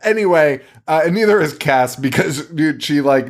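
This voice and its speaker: A man's voice: fairly high pitch, animated, moderate pace. A man hosting a podcast, casually retelling a film's plot while laughing often, swearing and restarting his sentences. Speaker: podcast host. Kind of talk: casual movie recap.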